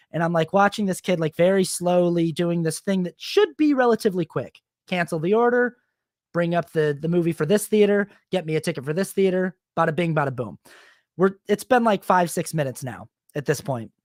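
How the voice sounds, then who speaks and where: A man's voice: on the high side, dry recording, studio quality. A man hosting a solo podcast, telling a self-deprecating story in a rambling, confessional way with many restarts. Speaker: podcast host.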